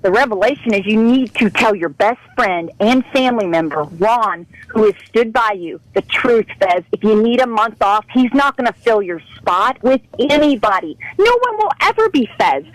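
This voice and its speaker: A woman's voice: fairly high pitch, poor audio. A woman calling into a radio show, passionate and pleading as she scolds the host. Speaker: radio caller. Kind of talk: heated radio call-in.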